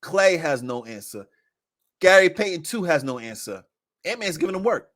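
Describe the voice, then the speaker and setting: A man on a podcast in casual chat about basketball, animated and repeating phrases for emphasis. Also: on the high side, normal speed.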